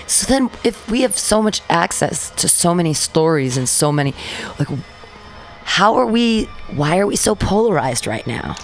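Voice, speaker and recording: Radio co-host, casual talk, mid pitch, earnest, searching, trails off, faint background music. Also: very animated, moderate pace, gravelly. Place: small radio studio.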